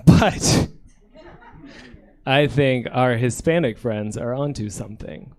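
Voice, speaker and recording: A man's voice: medium pitch, slow pace, a little mellow. A man in his thirties from Ukraine doing a stand-up set on a comedy theater stage, joking with apologetic, self-deprecating asides. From Soviet Union, Ukraine.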